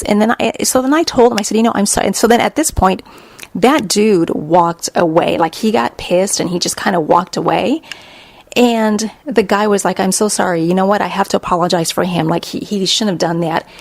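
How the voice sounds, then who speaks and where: Woman, middle-aged, gravelly voice, dry close sound, casual profane storytelling. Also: medium pitch, no room sound. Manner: blunt, profane, animated retelling. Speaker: podcast host.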